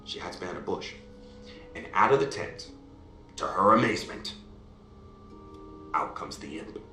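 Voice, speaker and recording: A man telling a bedtime fairy tale on a video call, animated, going up high with excitement and down low for suspense, and checking in with his listener. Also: unhurried, reverberant, soft background music, exaggerated voice. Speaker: parent telling a bedtime story.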